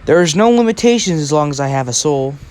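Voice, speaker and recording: A man's voice: a little high, expressive, fairly quick, darkish tone, lightly acted. Brief: a cocky soul-dealing devil boy, taunting and casual, as a man telling the story puts him on. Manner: casual, rambling delivery.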